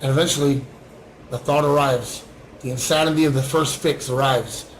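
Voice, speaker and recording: A man's voice: medium pitch, fairly even intonation, normal speed, echoey room, a little hiss or hum, poor audio. A man and recovering addict sharing his story in an earnest livestream monologue, often asking "right?". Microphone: webcam or phone on a screen.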